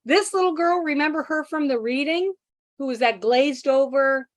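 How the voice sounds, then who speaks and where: A middle-aged woman, a teacher of deaf children, giving a workshop talk and telling a classroom story with animated acted-out quotes. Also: high-pitched, moderate pace.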